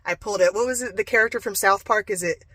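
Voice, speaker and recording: Young woman, van-life vlogger, confessional rambling chat, mid pitch, dead dry sound. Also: fast talker, a bit bright, dry recording. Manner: rambling, candid, confessional storytelling. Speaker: travel vlogger. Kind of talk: candid personal vlog. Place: living in a camper van.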